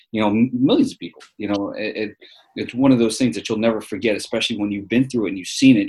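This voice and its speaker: New york guy in his 40s, rambly and sincere, lots of you-knows. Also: fairly low pitch. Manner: earnest, rambling with many fillers and restarts. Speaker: guest. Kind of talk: casual interview storytelling.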